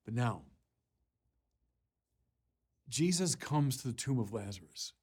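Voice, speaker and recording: A man preaching a sermon, unhurried with small restarts, rising to forceful emphasis on key lines. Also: mid-range voice, big pitch swings, husky.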